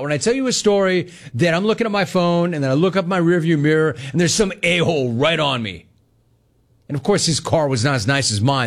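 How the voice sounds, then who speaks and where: A man's voice: fairly high pitch, fairly quick. A middle-aged man hosting a live call-in show, reading viewer messages aloud in a brash, jokey, teasing manner. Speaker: talk show host.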